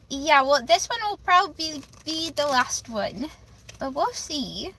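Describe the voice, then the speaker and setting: High bright-voiced young woman, stammering. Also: a little hiss or hum, rough recording. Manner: emotional, stammering, repeating herself. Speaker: livestreamer giving tarot readings. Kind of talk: live-stream tarot reading.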